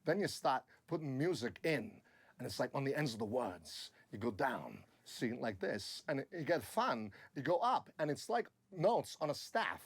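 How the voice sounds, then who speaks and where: A man's voice: medium pitch, big pitch swings, moderate pace, breathy edge. A man in a documentary interview, explaining voice acting and singing out example notes as he talks. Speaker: voice actor.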